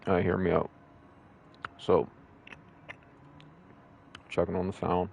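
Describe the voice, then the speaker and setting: A man's voice: deep voice, little pitch movement, takes it slowly, creaky, a little mellow, a little hiss or hum. A young man streaming live, chatting casually with his viewers while eating. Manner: eating while talking, munching.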